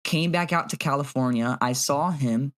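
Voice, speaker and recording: A young man co-hosting a podcast, telling a story in an animated, casual way with plenty of "like" and swearing. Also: mid-range voice, moderate pace. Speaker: podcast co-host. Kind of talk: casual chat.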